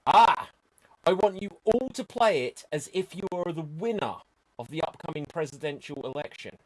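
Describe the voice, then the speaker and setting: A man's voice: a little high, animated, moderate pace. Exasperated man directing an improv scene. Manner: exasperated, bossy director, calls "cut" and "action". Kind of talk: improv comedy.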